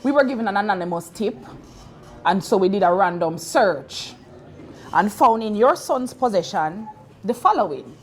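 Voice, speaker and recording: Actress playing a stern Jamaican school official. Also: female voice, medium pitch, lively intonation, normal speed, slight background noise, close to an everyday voice. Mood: formal.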